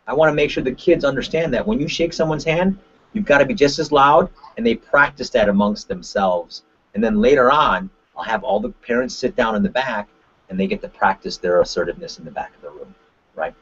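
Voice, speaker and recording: A man from Korea, a martial arts instructor, giving an animated webinar talk on a call and tagging his points with "right?". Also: mid-range voice, fairly quick, husky. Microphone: conference call line. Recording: dull lo-fi call audio.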